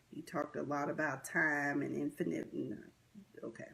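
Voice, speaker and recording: This young woman's voice sits low yet sounds fairly bright, with creakiness, fairly even intonation, and normal speed. As a commentary vlogger, she gives a blunt, sassy, exasperated recap full of slang and asides, captured via a livestream webcam or phone mic.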